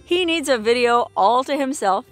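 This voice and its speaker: Upbeat higher-pitched woman vlogging. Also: lively intonation, normal speed, soft background music. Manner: chatty and upbeat, coos at animals. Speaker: travel vlogger and host. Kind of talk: casual walking tour vlog. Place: outdoors at a desert roadside hotel.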